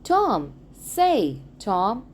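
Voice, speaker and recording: A woman's voice: mid-range voice, huge pitch swings, drawn-out words, slight background noise, exaggerated voice. A woman voicing an anxious younger brother who urgently fusses over his sick sibling. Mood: worried. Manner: urgent, worried.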